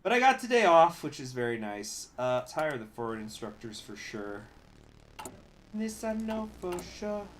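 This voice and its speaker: A man streaming a strategy game, chatting with viewers, reading event text aloud and breaking into loud, swearing surprise. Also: on the high side, sing-song, moderate pace, slight background noise. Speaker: gaming streamer.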